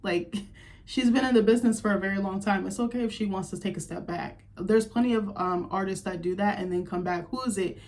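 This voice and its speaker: A woman's voice: medium pitch, a little fast, a little mellow. A woman giving a candid, chatty recap of a TV episode in her vlog, sharing her opinions with plenty of fillers. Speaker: TV recap vlogger.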